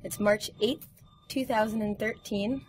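A woman interviewer at a care home introduces the session and asks brisk, to-the-point questions. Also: mid-range voice, steady tone, slight background noise. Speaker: oral history interviewer.

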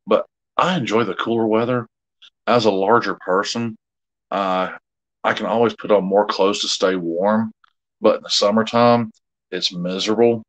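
A man's voice: on the low side, steady tone, moderate pace, lo-fi sound. A middle-aged man, chatting casually with viewers as co-host of a live jewelry sale, rambling and easygoing with many fillers.

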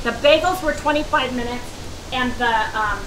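A woman hosting a casual cooking vlog from her home kitchen, gushing excitedly and calling her viewers "you guys.". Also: high-pitched, moderate pace, over a noisy crowd, low-quality recording. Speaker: keto cooking channel host.

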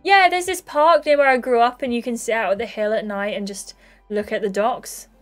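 A woman's voice: on the high side, a little fast, soft background music, natural voice. A woman voicing an earnest young man from a dating game, talking in a rambling, sincere way.

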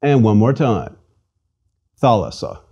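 A man teaching a scripted lesson at an unhurried pace, spelling words letter by letter and pausing for listeners to repeat. His voice is mellow and rises and falls in a lively way. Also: lowish voice, slightly rough, dull audio. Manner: slow, patient, enunciates each letter and syllable. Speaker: language instructor.

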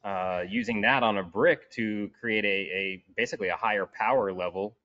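A man chatting casually on a work webinar, laid-back and quick to laugh. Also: on the low side, sharp tone. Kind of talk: casual chat. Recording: dull lo-fi webinar audio.

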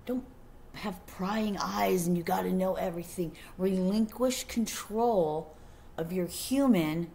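A woman giving a casual spiritual message to her viewers, rambling with playful asides and drifting into soft murmurs. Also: lowish voice, takes it slowly, creaky. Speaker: spiritual reader.

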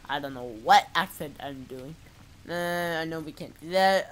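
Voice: medium pitch, normal speed. A let's play gamer giving goofy, casual commentary, humming tunelessly and talking to the game characters. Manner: goofy, hums tunelessly to themself.

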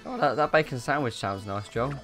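A man's voice: a little fast, music in the background. A man hosting a gaming session, bantering and teasing his friends in casual chat. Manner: teasing, banter-heavy, lively pitch. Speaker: gaming channel host.

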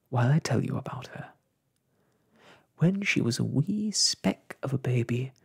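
Whispered role-play, soft storyteller, slow and husky, lots of rise and fall. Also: mid-range voice. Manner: soft, hushed reading.

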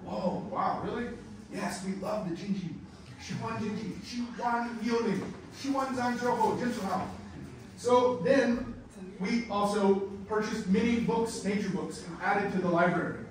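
An American man giving a classroom lecture as a guest nature guide, animated and storytelling, with simple wording for learners. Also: high-pitched, measured pace, a little hiss or hum. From United States. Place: large lecture hall. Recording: echoey hall from far off.

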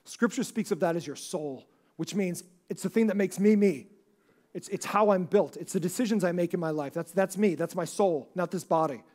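A man's voice: sits high, moderate pace, darkish tone. A man preaching a sermon as pastor, talking conversationally with many restarts and asking the congregation questions. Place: church service before a congregation.

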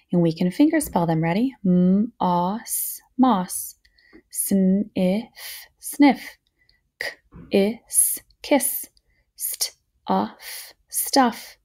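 A young woman teaches phonics to small children at a very unhurried pace. Her voice sits a little low, and she sounds out each word patiently and encouragingly. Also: a little mellow. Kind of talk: slow, clear phonics lesson for young children.

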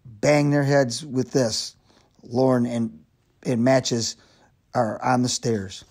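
Storybook bully farmer, read by a man: gruff, threatening, slow. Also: medium pitch, flat delivery, darkish tone.

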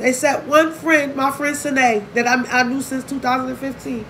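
Young woman vlogger, frank, emotional, profane; slightly high voice, faint noise. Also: steady tone, fairly bright tone, low-quality recording. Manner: candid, emotional, profane, fast-shifting. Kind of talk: emotional casual vlog talk.

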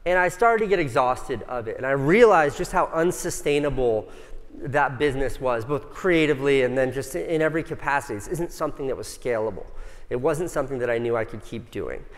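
A man's voice: mid-range voice, expressive, brisk. Casual man, conference speaker, profane and joking, big hall with long reverb. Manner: casual, profane, self-mocking, chatty with the audience. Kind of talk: casual storytelling talk. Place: large conference hall stage.

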